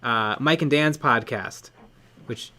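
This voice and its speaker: A man's voice: medium pitch, slow pace, bright, forceful tone. A man co-hosting a livestream, chatting casually and playfully while reading out viewer comments. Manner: chatty and playful, with frequent fillers. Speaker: livestream co-host.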